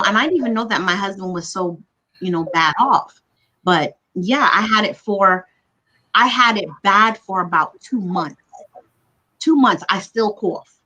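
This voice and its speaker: An earnest woman recounts a frightening time in plain, heartfelt speech, leaning on repeated words to stress how bad it was. Her voice sits at an ordinary pitch and comes through a livestream video call. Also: sharp tone, low-quality recording. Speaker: guest recounting her illness. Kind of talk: emotional personal storytelling.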